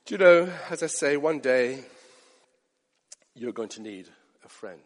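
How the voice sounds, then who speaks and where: A man preaching a sermon, earnest, moving from hushed asides up to rising emphatic peaks. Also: mid-range voice, animated, a little slow, in a large hall.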